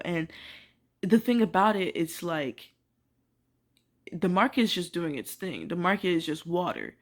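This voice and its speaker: A young woman ranting casually to camera, filling her talk with "like" and swearing, swinging from quiet musing to loud disbelief. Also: on the low side, very animated, measured pace, pauses often. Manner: emphatic, swears, many filler "like"s. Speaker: vlogger.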